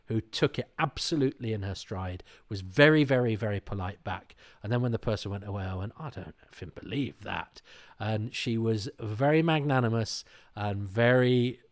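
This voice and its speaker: Animated middle-aged man, indignant host. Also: mid-range voice. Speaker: podcast host. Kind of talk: casual monologue.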